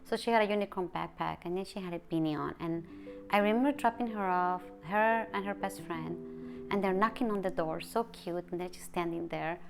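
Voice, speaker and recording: A woman's voice: lowish voice, gravelly, soft background music. Emotional woman. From Mexico City. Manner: halting, emotional retelling with many restarts. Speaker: interviewee. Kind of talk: personal interview.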